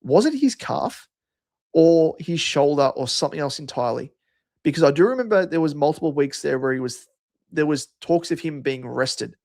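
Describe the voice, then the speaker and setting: A man's voice: on the high side, brisk, a little mellow. A man with an Australian accent hosting a live stream, chatting casually and answering viewers' comments by name. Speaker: livestream host.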